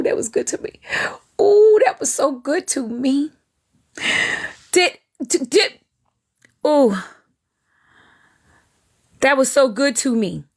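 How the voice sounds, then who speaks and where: A woman hosting a live stream, giving gleeful gossip commentary on other streamers. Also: high-pitched. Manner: animated, gleeful, drawling Southern Black vernacular phrasing.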